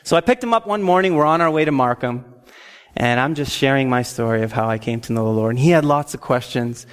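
A man telling a personal faith testimony in an animated, excitable way, with frequent "okay?" asides. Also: mid-range voice, quick pace, clear, resonant tone, big-room sound. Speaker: speaker sharing a faith testimony.

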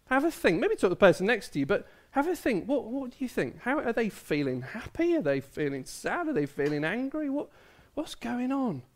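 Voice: mid-range voice, big pitch swings, brisk. Church preacher for an all-ages service, talks to kids and adults alike and keeps asking "isn't it?". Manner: asks many tag questions, draws in listeners. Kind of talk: family sermon addressing kids and adults.

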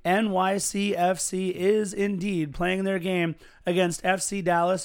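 A man's voice: high-pitched, clean tone. A man co-hosting a casual sports podcast, telling stories in a chatty, earnest way. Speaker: podcast co-host.

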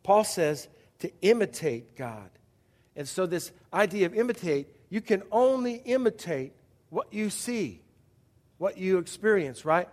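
A man's voice: sits high, very animated, a little slow, darkish tone, big-room sound. A man pastor preaching a sermon in a conversational way, often asking the audience questions and restarting his sentences.

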